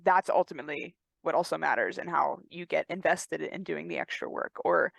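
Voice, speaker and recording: A woman's voice: sits low, very animated, brisk, gravelly, fairly bright tone, no room sound. A woman co-hosting a casual podcast chat, talking in a reflective, laid-back way and swearing freely. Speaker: podcast co-host.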